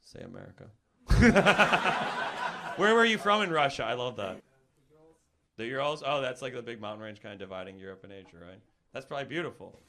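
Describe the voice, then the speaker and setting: A man's voice: medium pitch, big pitch swings, moderate pace, pauses often. A man doing stand-up comedy and crowd work in a comedy club, teasing the audience with sarcastic, ironic jokes. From Minnesota. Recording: echoey room from a distance, loud noise.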